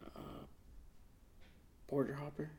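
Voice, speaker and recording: A man's voice: slow, mellow, reverberant. A man chatting casually with a friend, asking short, teasing questions. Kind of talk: casual chat.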